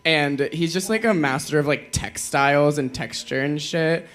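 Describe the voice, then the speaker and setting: Drag queen guest, man, bright higher voice, chatty and profane, quick to laugh. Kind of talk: casual chat.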